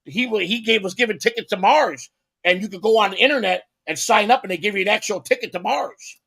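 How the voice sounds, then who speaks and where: A man's voice: high voice, fast, vocal fry, pushed and bright. A man in his fifties, a podcast co-host, telling rambling, profane stories in casual chat with lots of restarts.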